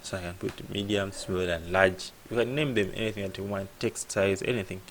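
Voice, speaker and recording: Gravelly low-voiced man teaching coding. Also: fairly even intonation, fairly quick, slight background noise. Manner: thinks aloud, asks "what?" and answers himself. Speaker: programming tutor. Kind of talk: casual screen-share coding lesson.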